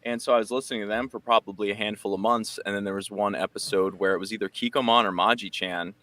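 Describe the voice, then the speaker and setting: A man, a guest on a podcast, casually telling how he found the show with animated retellings. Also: on the low side, fast. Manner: chatty, animated retelling with acted quotes. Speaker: podcast guest, music creator. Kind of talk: casual storytelling.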